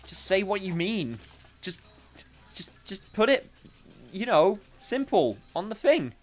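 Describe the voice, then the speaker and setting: Casual male let's-player, chatty and meandering, animated intonation, soft game music underneath. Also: sits high, slow. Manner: rambling, filler-heavy, self-interrupting. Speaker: gameplay commentator. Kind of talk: casual let's-play commentary.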